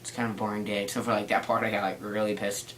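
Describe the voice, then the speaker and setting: A man's voice: lowish voice, flat delivery, racing, a bit bright, rough recording. Teen guy vlogging in his room, rambly and playful, bit of hiss. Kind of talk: casual rambling vlog.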